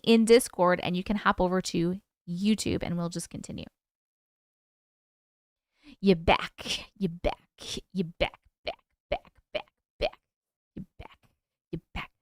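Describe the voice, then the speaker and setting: A woman's voice: medium pitch, clean tone, no echo, studio quality. Chatty woman hosting a livestream. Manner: chatty, answers viewer comments aloud; asks viewers to vote. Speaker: livestream host. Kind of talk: casual livestream chat with viewers.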